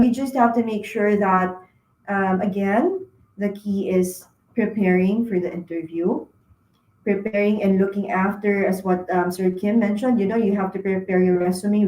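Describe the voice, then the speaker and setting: A woman's voice: medium pitch, moderate pace, darkish tone, roomy sound, poor audio. A woman giving interview advice to students, with lots of fillers and frequent "okay?" check-ins. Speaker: career talk speaker. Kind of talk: career advice talk to students.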